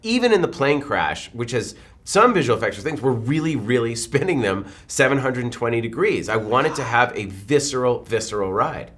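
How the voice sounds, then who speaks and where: A man in his forties, a film director, telling stories in a press interview and acting out the quotes. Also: medium pitch. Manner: animated, quick storytelling with acted-out quotes.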